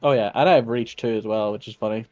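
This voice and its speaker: A man's voice: on the low side, quick pace, darkish tone, no echo, soft background music. A man playing in a tabletop game, rambling with frequent laughs and restarts. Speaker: player. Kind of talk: casual tabletop game chat.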